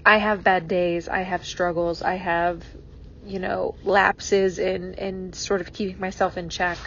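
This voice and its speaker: A woman's voice: lowish voice, level tone, a little slow, a bit bright, lo-fi sound, a little hiss or hum. Rambling reflective woman podcaster. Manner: rambling, reflective, lots of fillers and restarts. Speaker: podcast host. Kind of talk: solo podcast monologue.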